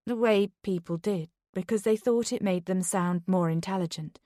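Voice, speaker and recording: A woman reads a psychological thriller in a measured, steady way. Her pitch sits in the middle of the range. The recording is close and dry, with no room sound. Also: no room sound. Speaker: audiobook narrator. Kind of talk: scripted narration.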